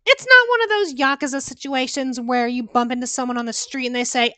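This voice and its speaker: A woman's voice: sits high, a little fast, sharp tone, no echo. A woman VTuber commenting on horror games she is playing, sarcastic and playful, with exaggerated reactions. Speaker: VTuber game streamer. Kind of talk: let's-play horror game commentary.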